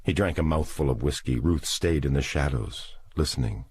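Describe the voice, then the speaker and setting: A man narrating a novel as an audiobook in a slow, deliberate, dramatic reading. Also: very deep voice, darkish tone, slightly rough. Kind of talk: scripted narration.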